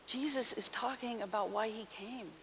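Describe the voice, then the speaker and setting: A woman pastor reading scripture and preaching a sermon in an expressive voice, asking the congregation questions. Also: fairly high pitch, moderate pace. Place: church sanctuary. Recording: reverberant hall with faint hiss.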